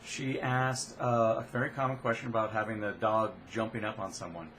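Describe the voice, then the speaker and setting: A man working as a dog trainer, giving a casual instructional talk in a relaxed, plain way with frequent fillers. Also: on the low side, a little fast, a little hiss or hum.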